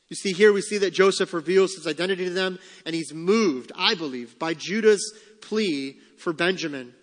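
A man with a fairly high voice preaches to his congregation, reading scripture and voicing the quoted lines with animated emphasis. His voice rings with the long reverb of a church hall. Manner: expressive preaching, reads scripture aloud and acts out quotes. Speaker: pastor. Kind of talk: sermon.

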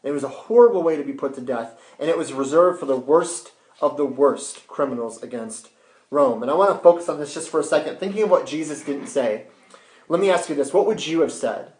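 A man preaching a sermon with rhetorical questions and sudden hushed drops. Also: a little high, brisk. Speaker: pastor. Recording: roomy echo.

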